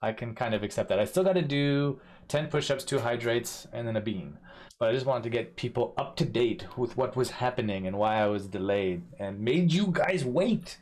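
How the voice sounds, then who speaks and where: A young man, chatting casually to viewers on a live stream, swearing and laughing, his voice often jumping loud and high. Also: expressive, normal speed, a little hiss or hum.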